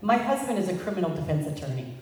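A middle-aged woman sharing a personal recovery testimony with an audience, telling her story in an animated way and laughing at herself. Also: lowish voice, fast talker, noisy background. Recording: echoey hall, mic far off.

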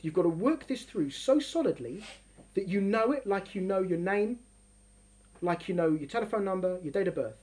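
A middle-aged woman teaching a lesson in an emphatic, animated way, full of rhetorical questions. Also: mid-range voice, moderate pace. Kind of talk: lively classroom lesson.

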